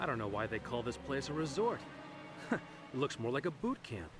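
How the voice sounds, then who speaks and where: A man's voice: medium pitch, big pitch swings, a little fast, music in the background, lightly acted. A man playing a wry, skeptical cop. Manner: dry and wry.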